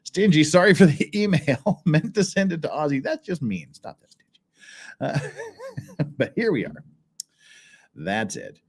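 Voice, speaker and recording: A man's voice: fairly high pitch, big pitch swings, normal speed, husky. A man hosting a casual livestream chat, reading viewer messages with frequent laughs, restarts and a rambling manner. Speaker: channel host.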